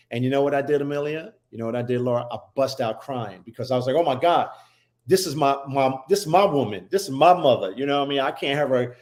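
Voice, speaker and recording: A man who is a guest on a talk show, telling a personal story with emphasis and many restarts. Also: mid-range voice. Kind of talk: personal storytelling in casual chat.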